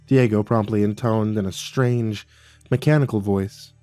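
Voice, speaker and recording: A man narrating a scripted horror story in a calm, measured way. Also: on the low side, dry recording, soft background music.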